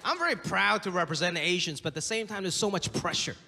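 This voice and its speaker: High bright-voiced stand-up comic man. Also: fast, gravelly. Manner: loud, animated, acts out voices. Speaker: stand-up comedian. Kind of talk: stand-up comedy set. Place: comedy club stage. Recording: live club recording with hall reverb.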